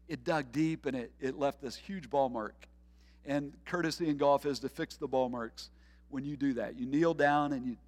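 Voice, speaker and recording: Animated man preaching in a reverberant hall. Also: medium pitch. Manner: animated, laughs often, acts out his own thoughts. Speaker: pastor. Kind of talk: sermon with personal story.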